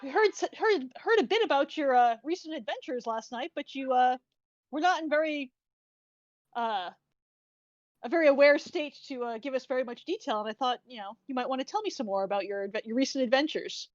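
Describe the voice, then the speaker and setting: A woman's voice: sits high, animated, a little fast, no echo. A woman player in a tabletop role-play, giggly and hesitant, recorded on a dull, dry mic.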